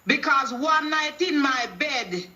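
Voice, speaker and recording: A high-pitched Jamaican woman calls in to a talk show and tells her testimony like a sermon. She quotes scripture and slips into patois as she acts out what everyone said. Her voice rings bright and sharp. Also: expressive, slow. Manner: preachy storytelling, quoting scripture, acting out dialogue in patois. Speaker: caller.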